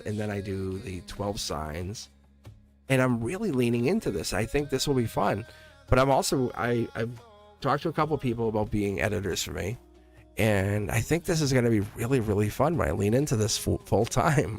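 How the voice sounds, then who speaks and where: A man's voice: fairly low pitch, creaky. A man hosting a casual live-stream tarot reading, rambling and restarting his sentences, often laughing as he talks. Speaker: live tarot reader and channel host.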